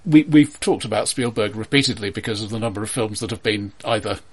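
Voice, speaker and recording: A man co-hosting a casual film chat, presenting a chart in a measured, hesitant way with many fillers. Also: fairly low pitch. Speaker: podcast co-host presenting a chart.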